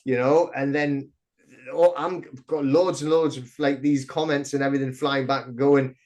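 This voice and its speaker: A man's voice: medium pitch, normal speed. Rambling middle-aged man, guest. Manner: rambling, excitable storyteller with many restarts. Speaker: podcast guest. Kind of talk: casual interview chat.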